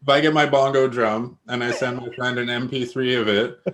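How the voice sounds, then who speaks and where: A man's voice: medium pitch, fairly even intonation, a little fast, a bit bright, slight background noise. A man from Canada, a guest on a podcast, chatting in a laid-back, agreeable way with casual swearing.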